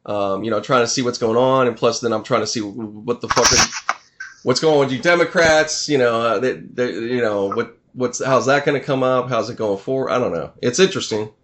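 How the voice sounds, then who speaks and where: A man in casual podcast chat, rambling and halting, often trailing off mid-thought. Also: medium pitch, a bit bright, a little hiss or hum.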